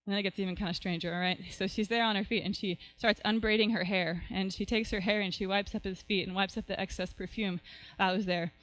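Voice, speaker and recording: A woman's voice: medium pitch, steady tone, quick pace, few pauses, fairly bright tone, poor audio. A woman pastor preaching a sermon, retelling a story in a conversational way and often checking in with "right?".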